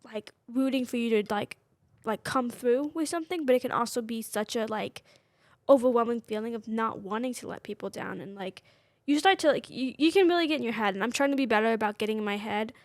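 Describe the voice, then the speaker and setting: A woman in her twenties co-hosts a podcast in casual chat. She talks in a candid, personal way and sprinkles "like" through almost every phrase. Her voice sits a little high and sounds dry and close, with no room echo. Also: brisk. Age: 20s. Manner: candid, personal, constant "like" fillers. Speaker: podcast co-host.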